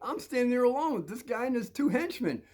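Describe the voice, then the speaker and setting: An older man telling a story in a lively, wandering way. His pitch climbs and dips all over as he gets into it, and he loops back on himself. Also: fast. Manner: rambling, animated, frequent restarts and laughs. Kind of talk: casual storytelling.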